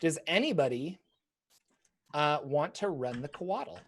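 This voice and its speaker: A woman's voice: sits low, lively intonation, measured pace. A woman narrating as game master in a chatty way, full of fillers.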